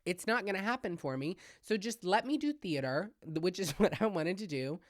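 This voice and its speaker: A man's voice: moderate pace, no room sound, studio quality. A young man from Louisiana with a Southern twang, hosting a comedy podcast in a gossipy, self-deprecating chat. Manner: chatty, gossipy, self-deprecating, lively swings in pitch and loudness. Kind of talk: casual solo podcast chat. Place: home-made podcast set with hung backdrop.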